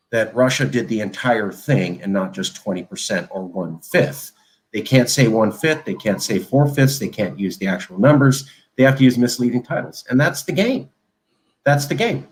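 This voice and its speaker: A man hosting an online panel discussion, talking passionately and hammering points through repetition. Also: mid-range voice. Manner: passionate, emphatic, repeats his points. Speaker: host. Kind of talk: animated online panel talk.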